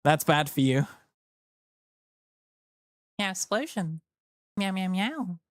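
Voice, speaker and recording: A man's voice: sits high, very animated, takes it slowly, fairly bright tone, no room sound, studio quality. A tired man chatting casually to his live-stream audience, rambling and joking. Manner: rambling, jokey, slips into silly voices. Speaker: livestreamer.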